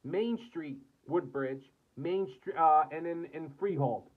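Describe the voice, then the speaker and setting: A man's voice: a little high, slow pace. Angry ranting man, tinny phone-like audio. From United States. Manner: angry, cursing, repetitive. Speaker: vlogger. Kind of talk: angry profane rant to camera.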